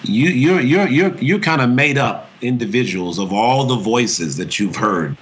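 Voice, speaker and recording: A man's voice: medium pitch, animated, unhurried, fairly bright tone. A man, an actor, giving a thoughtful and earnest interview answer about his voice, often restarting his phrases as he searches for words.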